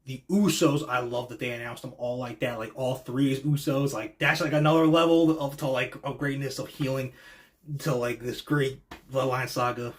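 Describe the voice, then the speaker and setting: A man hosting a wrestling reaction show, talking in an excitable, slangy way that swings between hushed and loud. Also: medium pitch, moderate pace. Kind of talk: casual reaction commentary.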